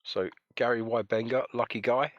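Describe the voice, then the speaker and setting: A man's voice: medium pitch, fairly even intonation, normal speed, dry recording, lo-fi sound. A man hosting a live stream, chatting casually and joking while reading out viewer comments. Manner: jokey, rambling, reads chat comments aloud. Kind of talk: casual chat on a voice call.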